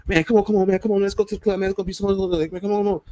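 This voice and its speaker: Man playing an insistent, wheedling buddy, slightly raised pitch. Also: very fast, mellow, natural voice. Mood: pleading. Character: pushy male friend begging to go clubbing.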